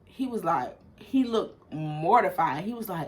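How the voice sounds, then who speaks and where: A young woman with an Atlanta accent, telling a story in casual vlog style, animated and swearing freely. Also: unhurried. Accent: Southern US, Atlanta. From Atlanta, USA. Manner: animated, swearing, acts out quoted people in sudden loud high bursts. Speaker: vlogger.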